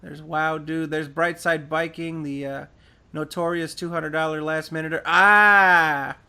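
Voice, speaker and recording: A man's voice: on the high side, level tone, normal speed, vocal fry, a bit bright, clear, resonant tone. A man hosting a podcast, casually reading forum posts aloud in a laid-back, profane way with lots of fillers. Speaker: podcast host.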